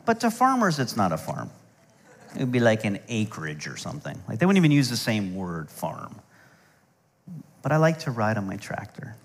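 Pastor preaching in a reverberant hall. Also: male voice, on the low side, huge pitch swings, normal speed. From United States. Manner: storytelling with humor and asides. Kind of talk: sermon.

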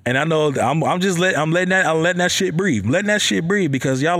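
A young man, casually telling a personal story, profane and animated, with lots of "you know what I'm saying". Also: high-pitched, normal speed, long pauses.

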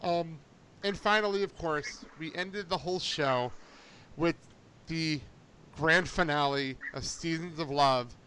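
A man's voice: fairly high pitch, a little slow, a little hiss or hum. A man hosting a podcast, chatting casually and telling stories with frequent laughter. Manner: animated storyteller, laughs often. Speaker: podcast host. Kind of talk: casual chat.

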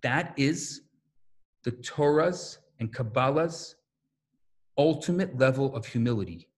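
A male rabbi giving a storytelling lecture, animated and acting out the voices in his stories. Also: mid-range voice, unhurried. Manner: animated, acts out quotes, repeats words when restarting.

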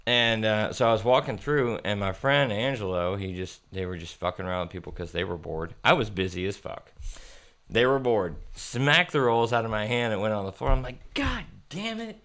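A young man hosting a podcast, telling work stories in a profane, animated way and laughing often. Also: on the low side, moderate pace, smooth. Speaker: podcast host. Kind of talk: casual storytelling chat.

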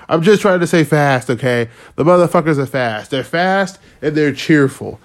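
A man in his thirties ranting in a casual, profane, rambling way, sarcastic and quick to laugh. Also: a little high. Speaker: podcast host. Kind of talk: casual rant.

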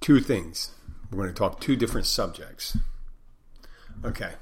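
A man's voice: on the low side, expressive, unhurried, a little hiss or hum. Rambling older male bartender telling stories. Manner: rambling, frank, with restarts and profanity. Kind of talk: casual storytelling monologue.

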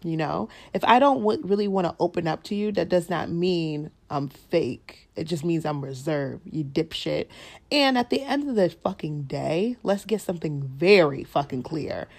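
A young woman hosts her own podcast and rants through a story in a blunt, profane way, acting out both sides of the dialogue. Her voice sits a little low and has a gravelly fry. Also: normal speed. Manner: blunt, profane, animated retelling with quoted dialogue. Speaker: podcast host. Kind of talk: casual storytelling rant.

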